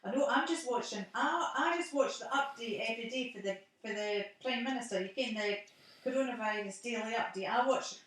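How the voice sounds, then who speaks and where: A woman's voice: on the high side, brisk, heavy reverb, distant mic. A middle-aged woman with a Scottish accent, chatting casually on the phone at home and laughing often.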